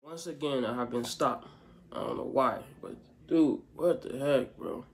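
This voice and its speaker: This young man's mid-range voice is unhurried and carries vocal fry as he answers fan questions in his vlog. He's laid-back and rambling, with plenty of fillers, over faint background music.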